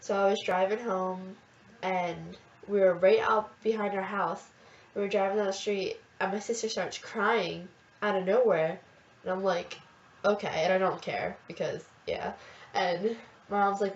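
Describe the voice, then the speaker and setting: Teen girl vlogger, excitable gushing storyteller, mid-pitched, roomy dull home recording. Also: normal speed. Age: teens. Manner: chatty, filler-heavy, gushing. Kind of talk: casual storytelling. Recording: roomy, dull lo-fi webcam audio.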